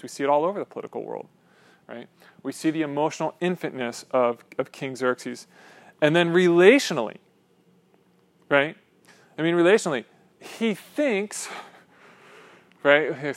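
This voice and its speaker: A man preaching a sermon in an animated, joking way, asking his listeners questions. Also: a little high. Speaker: pastor.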